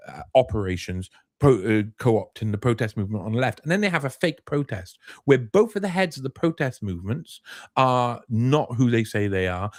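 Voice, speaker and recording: A man speaking as a guest journalist, recounting what happened in an animated, halting way with constant restarts. His pitch leaps and dips all through the telling. The sound is dry, with no room around it. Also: dry recording. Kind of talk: casual storytelling.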